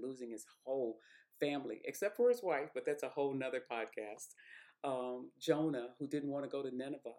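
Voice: medium pitch, dark tone. A podcast preacher giving a sermon-style Bible teaching, earnest and sometimes repeating words while searching for the phrasing.

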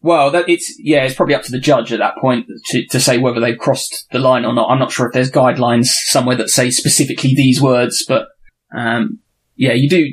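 A man's voice: mid-range voice, fairly even intonation, a little fast, breathy edge. A man, talking casually and wryly on a video call as a podcast co-host. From England. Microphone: computer mic on a video call.

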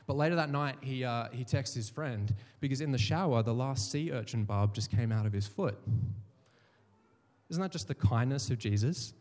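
A man's voice: medium pitch, moderate pace, darkish tone. Storytelling male pastor in reverberant hall. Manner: storytelling, acts out quoted voices. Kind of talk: sermon.

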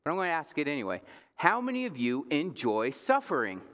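A man in his thirties, a pastor giving a casual sermon, joking with the congregation and slowing down for emphasis. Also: fairly high pitch, huge pitch swings, a bit bright, big-room sound. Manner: conversational preaching with jokes and slow emphatic phrases. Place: church sanctuary.

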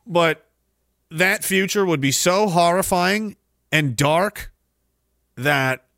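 A man hosting a stream, giving sarcastic, mocking commentary on a video clip and breaking into shouts. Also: high voice, takes it slowly, no echo, clean studio sound. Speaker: stream host.

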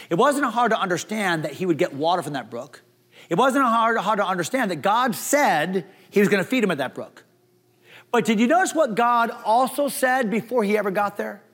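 A man preaching a sermon as pastor, with energetic delivery, humorous asides and frequent restarts. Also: high-pitched.

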